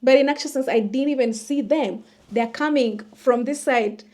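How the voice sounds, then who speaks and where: A woman, a vlogger telling a personal story in an animated way and acting out the dialogue. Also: high-pitched, moderate pace. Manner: animated retelling that acts out the dialogue.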